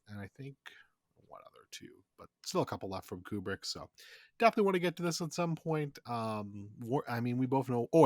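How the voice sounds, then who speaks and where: A man's voice: fairly low pitch, no echo, studio quality. A man co-hosting a podcast in casual chat, talking enthusiastically and profanely, rambling with lots of fillers. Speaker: podcast co-host.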